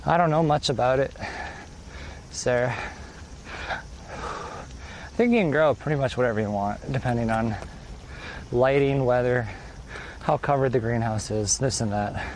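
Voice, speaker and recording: This livestreamer talks casually while walking outdoors on a country road, answering viewers and breathing slightly hard from climbing. He speaks at normal speed in a darkish, mid-range voice, leaving long pauses. Slight background noise and poor audio quality mark the clip.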